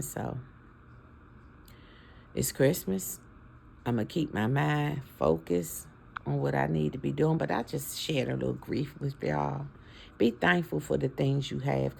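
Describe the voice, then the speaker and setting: A woman's voice: rumbling low, unhurried, gravelly, a little mellow, a little hiss or hum. A woman in her fifties talking to her followers in a casual, heartfelt and preachy way, emotional about her family. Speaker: vlogger. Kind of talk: casual heartfelt talk to camera.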